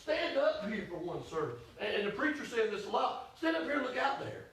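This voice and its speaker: Male preacher, high voice, folksy and emphatic, heard from a distance in a roomy church. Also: big pitch swings, brisk, a little hiss or hum. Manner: voices Elijah's complaints in first person, rising to shouts. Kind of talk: sermon.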